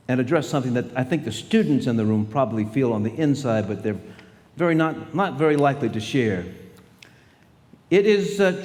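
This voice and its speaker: His voice medium in pitch and a little mellow, a sixtysomething guest speaker entertains students with stories, performing each character's voice. The large school hall gives the recording a long reverb.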